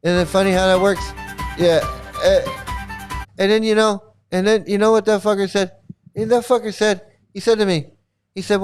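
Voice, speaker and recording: A man's voice: high voice, steady tone, moderate pace, clear, resonant tone, soft background music. A man hosting angry reaction commentary, talking heatedly with a lot of swearing and repeating himself. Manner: heated, profane, repetitive. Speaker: commentary channel host.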